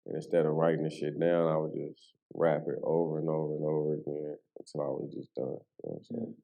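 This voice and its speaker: A man telling a personal story in casual street slang, full of "you know what I'm saying" and animated as he relives what happened. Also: extremely low pitch, fairly quick, gravelly, narrow, tinny audio. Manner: animated, voice rises sharply when reliving the moment. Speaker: podcast guest.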